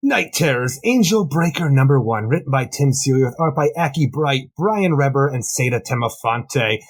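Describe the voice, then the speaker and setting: A man's voice: medium pitch, moderate pace. A man co-hosting a comics podcast in casual review chat, eagerly summarizing and often laughing. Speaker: podcast co-host.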